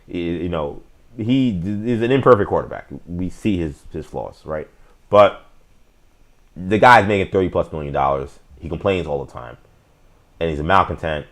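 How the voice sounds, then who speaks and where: A man hosting a casual live-stream sports talk show, opinionated and slangy, speaking straight to his chat viewers. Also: very deep voice. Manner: frequent fillers and restarts, slangy.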